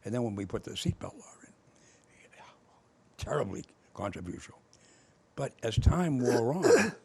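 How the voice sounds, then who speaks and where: An older man, his voice gravelly and a little husky, recounting political stories from decades ago. He talks in a relaxed, conversational way and jumps into the voices of the people in his tales. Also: mid-range voice, unhurried. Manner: animated storyteller acting out both sides of old arguments. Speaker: former state official telling stories. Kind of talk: casual conversation.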